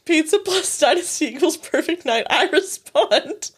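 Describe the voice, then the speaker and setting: A woman's voice: high voice, expressive, unhurried. A woman co-hosting a casual podcast chat, teasing her friend and laughing often as she reads messages aloud. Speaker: podcast co-host.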